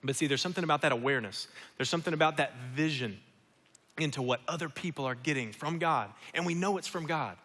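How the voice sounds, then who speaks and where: A man's voice: on the high side, fast, fairly bright tone. A man preaching a sermon as pastor, emphatic and repetitive, firing off rhetorical questions. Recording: long hall reverb.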